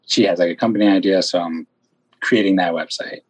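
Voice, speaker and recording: A man who is a podcast guest in casual chat, relaxed and hesitant, with many fillers. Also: low-pitched, brisk, slightly rough, no room sound.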